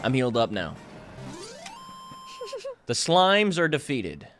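A young man streaming a video game, excitable and joking with crude language and quick laughter. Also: mid-range voice, music in the background. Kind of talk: live let's-play commentary.

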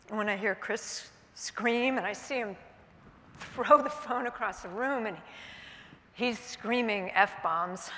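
A middle-aged woman speaks from a conference stage, telling a personal story in vivid present tense. Her voice is bright and forceful, and it carries a long hall reverb. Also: a little high. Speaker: keynote speaker.

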